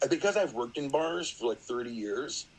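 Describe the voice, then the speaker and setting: A man's voice: mid-range voice, expressive, normal speed, darkish tone, slightly rough, low-quality recording. A middle-aged man, a podcast guest, telling a story in a rambling, casual way, full of fillers and acted-out quotes.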